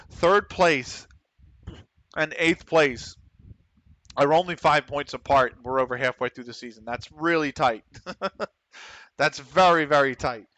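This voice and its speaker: A man with a Philadelphia accent gives casual commentary while streaming a game, talking fast and running his words together. He clears his throat often, and his mid-range voice sounds pushed and bright.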